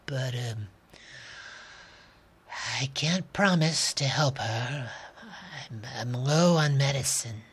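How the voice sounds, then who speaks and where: A man voicing a weary, kind woman doctor who talks softly and hesitantly, pausing with ums. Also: medium pitch, slightly rough, exaggerated voice. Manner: soft, hesitant, lots of ums.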